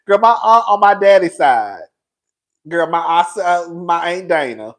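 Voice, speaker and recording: A man's voice: high voice, expressive, unhurried, fairly bright tone. A man in his forties hosting his own commentary channel, talking to viewers in a sassy, emotional, gossipy casual chat. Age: 40s.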